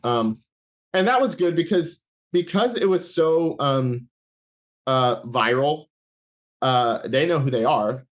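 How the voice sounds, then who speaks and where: A man's voice: mid-range voice, animated. A man as an interview guest, telling a personal story in conversation with many fillers and restarts. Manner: halting, many fillers and restarts, laughs while talking.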